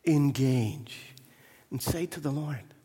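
A man preaching a slow, earnest sermon in a church, pleading with his listeners. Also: fairly high pitch, warm tone, husky. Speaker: pastor. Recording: echoey church hall.

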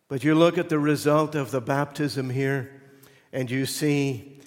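A man preaching a sermon as pastor, moving between loud emphatic lines and hushed, almost whispered ones. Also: mid-range voice, fairly even intonation, measured pace. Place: church sanctuary. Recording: long reverb of a church hall.

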